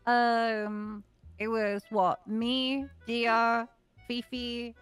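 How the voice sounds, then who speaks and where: A woman's voice: a little high, flat delivery, extremely slow, fairly bright tone, clear, resonant tone, faint music behind. A woman with a mild Liverpool accent, a guest chatting casually with lots of restarts and casual swearing. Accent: mild Liverpool English. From Liverpool, England. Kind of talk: casual chat.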